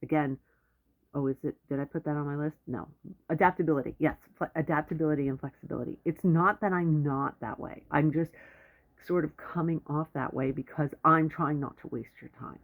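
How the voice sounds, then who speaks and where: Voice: medium pitch, brisk. Blunt rambling advice-giver, tinny audio. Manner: rambling, self-interrupting, blunt. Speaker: advice vlogger. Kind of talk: casual advice monologue.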